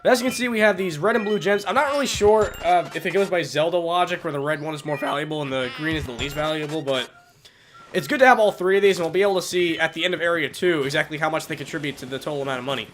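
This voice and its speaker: A young man with a cold narrates his gameplay in a stuffy, congested voice that sits high and bright. He talks fast and excitably, cracking jokes and cursing at the enemies. A faint ambient hiss runs under the desk-mic recording. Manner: excitable, swears at enemies, jokey asides. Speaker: let's play commentator. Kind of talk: gameplay commentary.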